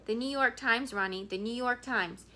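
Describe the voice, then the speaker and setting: A woman voicing a tired, driven businessman who talks urgently and in a hushed voice on a phone call from a plane. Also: on the high side, moderate pace.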